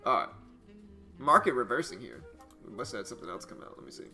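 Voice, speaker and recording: A man talks his way through a live trading stream in a loose, chatty way and gets animated when he tells a story. His voice has a bright edge. Soft jazz plays faintly behind him. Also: medium pitch, fast talker. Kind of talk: casual live stream chat and market news. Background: soft jazz music.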